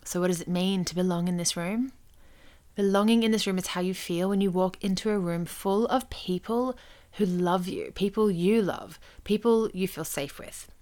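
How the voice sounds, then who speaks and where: Low-voiced woman hosting a coaching podcast. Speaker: podcast host. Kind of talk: casual solo podcast talk.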